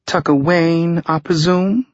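Man doing a curt, precise Southern woman on the phone, dry humor, raised pitch. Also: fairly even intonation, slow pace, no echo, lo-fi sound. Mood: crisp. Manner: clipped, dry, matter-of-fact. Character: brisk woman handler, clipped and precise.

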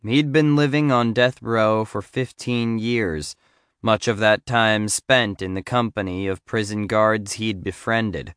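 A man reads a first-person memoir aloud in a measured, storytelling manner. His voice is low and smooth and resonant, recorded close on a dry studio mic. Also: steady tone, a bit bright, no room sound. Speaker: audiobook narrator.

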